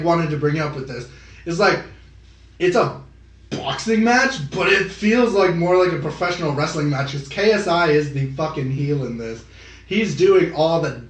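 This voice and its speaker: Young male podcast co-host, high voice, roomy distant sound, rambling and animated. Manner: rambling, profane, animated with quick impressions. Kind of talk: casual chat. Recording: echoey room, off-mic.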